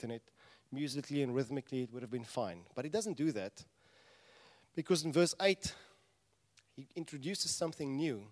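A man preaching a sermon, telling the story animatedly and acting out voices with sudden loud bursts. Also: medium pitch. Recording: long reverb of a large hall.

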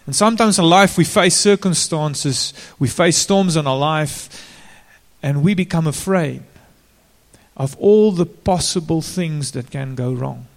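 A man preaching to a congregation, his fairly high voice carrying a gravelly edge. He keeps it informal and turns to the listeners with direct questions. A long hall reverb trails every phrase. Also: unhurried. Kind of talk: sermon.

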